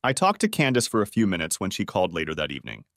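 Low-voiced man narrating a story. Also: huge pitch swings, rapid-fire, vocal fry, dry recording, clean studio sound. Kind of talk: scripted first-person story narration.

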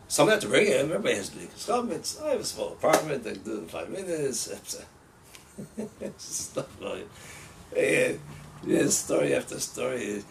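A male rabbi tells stories in a lively, animated voice. His tone is gravelly, and he often laughs and acts out the voices of the people he quotes. He sounds set back from the microphone, faint room noise behind him. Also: mid-range voice, moderate pace. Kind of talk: casual storytelling. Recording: distant mic with faint ambient noise.

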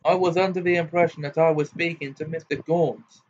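A man's voice: fairly high pitch, fairly even intonation, a little mellow, pitched above the performer's own voice, natural voice. A man voicing a stern, formal male ministry official who speaks firmly and politely, in a muffled home recording. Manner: firm, polite, measured.

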